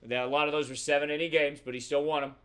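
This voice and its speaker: Host, male, smooth clear voice, flat delivery, casual and profane card-break chatter. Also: on the high side, rapid-fire. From Central Florida. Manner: casual, swears freely, rattles off player names. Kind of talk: live box break commentary.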